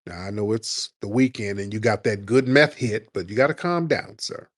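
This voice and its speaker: A man hosting a live call-in comedy talk show, brash and mocking, roasting his callers with loud animated energy. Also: lowish voice, normal speed, no room sound, clean studio sound. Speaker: radio show host.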